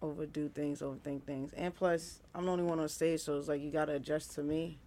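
A man guesting on a comedy podcast, laid-back and low-energy, with a slangy casual way of talking. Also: flat delivery, a little fast, darkish tone.

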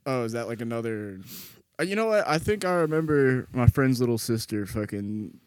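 A man's voice: medium pitch, animated, moderate pace, clear, resonant tone, dry recording. A man co-hosting a podcast in a laid-back, hesitant casual chat, full of fillers and the odd swear. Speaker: podcast co-host.

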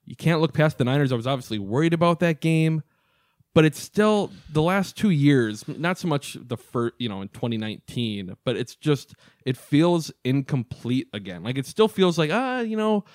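A man's voice: medium pitch, expressive, moderate pace, darkish tone, no room sound, clean studio sound. Man candidly musing on a sports loss. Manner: candid and self-mocking, with sighs and trailing restarts. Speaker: podcast co-host. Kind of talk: casual sports podcast chat. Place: home apartment studio.

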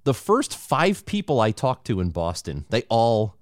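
A man's voice: medium pitch, a little slow. A man hosting a podcast, chatting casually and joking, with frequent laughs. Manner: animated, laughs often, joking. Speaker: podcast host.

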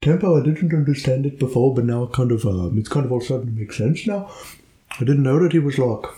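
A man's voice: mid-range voice, expressive, quick pace, warm tone, roomy sound. A man playing a tabletop role-playing game, joking and playful in character. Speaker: player.

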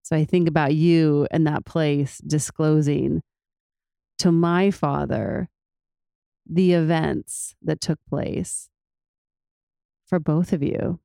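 Low-voiced woman speaking tenderly. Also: fairly even intonation, slow pace, vocal fry, pauses often, dark tone, clear, resonant tone, dry recording, clean studio sound. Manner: heartfelt, tender. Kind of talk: casual reflective conversation.

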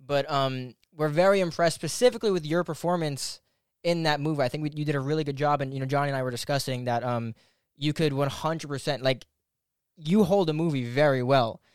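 A man's voice: fairly high pitch, smooth, no room sound, studio quality. A man hosting a casual interview, welcoming his guest and asking questions with friendly fillers. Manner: friendly, with fillers and quick asides. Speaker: podcast host.

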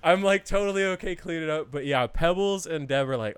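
Animated young man telling stories. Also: on the high side, fairly quick, hardly any pauses, clear, resonant tone, dry recording. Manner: animated storyteller, swears a lot, acts out a dog's thoughts. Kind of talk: casual chat.

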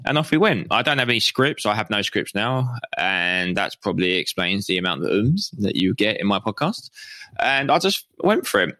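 Excited British man with a low, bright voice. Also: no room sound. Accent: British English. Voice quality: slight lisp. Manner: excited and sweary, calls his own voice a bit whiny. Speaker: podcast host. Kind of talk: rambling solo podcast chat.

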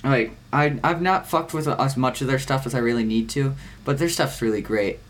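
A teenage boy co-hosting a podcast, rambling through his week in casual chat, swearing often and filling pauses with "um" and "like.". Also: medium pitch. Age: teens. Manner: rambling, swears a lot, many fillers. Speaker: podcast co-host.

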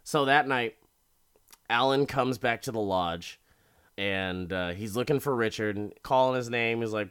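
A man's voice: medium pitch, animated, normal speed, a bit bright, smooth. A man casually recapping a story, profane and rambling, often repeating words.

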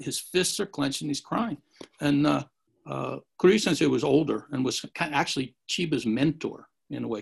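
A man's voice: fairly high pitch, gravelly, husky. A man telling rambling martial arts anecdotes in a casual chat, acting out the quotes. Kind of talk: casual storytelling.

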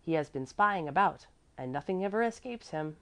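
Earnest, fretful old housekeeper type, emphatic, with lively pitch swings, read by a woman. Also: normal speed, smooth. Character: fussy, devoted older woman servant.

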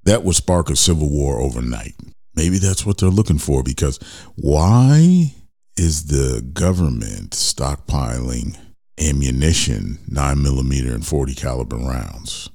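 Very deep-voiced man ranting. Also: moderate pace, darkish tone. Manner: blunt, ranting, addresses listeners as folks. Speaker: podcast host. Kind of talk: opinion talk monologue.

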